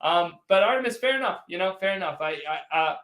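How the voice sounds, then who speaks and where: Speaking fast in a high, expressive, fairly bright voice, a man hosts a laid-back postgame sports livestream. He rambles, teases, and answers viewer chats directly, and the room has noticeable echo.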